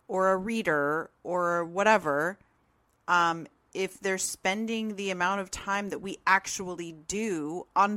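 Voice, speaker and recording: Slow-talking woman podcast host. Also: medium pitch, fairly bright tone, no room sound. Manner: rambling, filler-heavy, frequent laughs. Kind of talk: casual discussion. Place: room at home with open windows.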